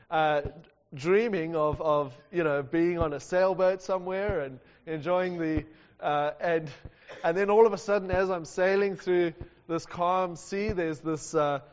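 A man preaching a sermon and telling a story, animated and often laughing. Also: high-pitched. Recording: dull sound with long hall reverb.

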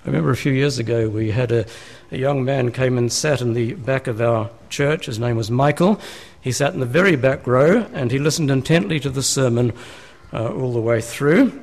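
A man's voice: medium pitch, moderate pace, darkish tone. Man preaching with rhetorical questions. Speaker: pastor. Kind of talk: sermon. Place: church.

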